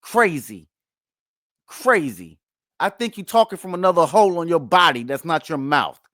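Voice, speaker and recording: Man host, higher pitch, dry close sound, emphatic mocking sports reactions. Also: expressive, fast talker, fairly bright tone, dry recording. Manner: emphatic, playfully mocking, repeats himself. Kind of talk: casual sports reaction commentary.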